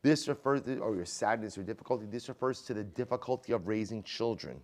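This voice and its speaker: Animated rabbi teaching a Talmud class. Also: male voice, lowish voice, quick pace. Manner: conversational, many rhetorical "right?" questions and restarts; mixes Hebrew and Aramaic terms into explanation.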